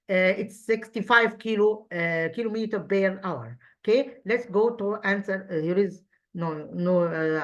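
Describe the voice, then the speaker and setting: Woman teacher, English, hesitant explainer with lots of "uh", mid pitch, dull lo-fi recording. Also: fairly bright tone. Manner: halting, many fillers and self-corrections, asks then answers own questions. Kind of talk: recorded classroom revision lesson. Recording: dull lo-fi audio.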